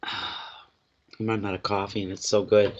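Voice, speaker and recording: A man's voice: lowish voice, flat delivery, a little slow, highs cut off. A man reading tarot live for viewers, addressing each one by name and often repeating his phrases. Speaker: tarot reader.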